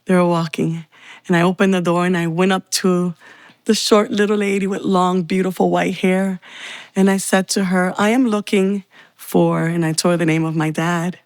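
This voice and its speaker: A woman's voice: on the low side, little pitch movement, moderate pace, no room sound. A woman telling her personal faith testimony in an earnest, heartfelt way. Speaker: testimony speaker.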